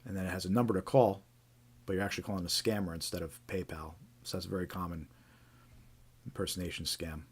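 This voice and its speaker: A man's voice: low voice, fairly even intonation, fast, slightly rough. A man hosting a live stream, casually reading out reports with frequent fillers and restarts. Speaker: host.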